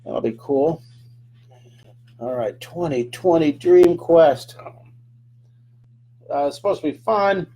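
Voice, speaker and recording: A man's voice: fairly high pitch, expressive, slow, long pauses, warm tone, slightly rough. A man teaching a live drawing lesson, chatting through each stroke with playful sound effects.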